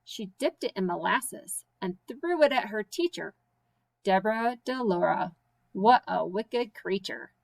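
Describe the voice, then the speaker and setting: A woman teacher reading silly children's poems aloud with slow, sing-song, playful emphasis. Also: medium pitch, lively intonation, creaky, poor audio. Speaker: special education teacher.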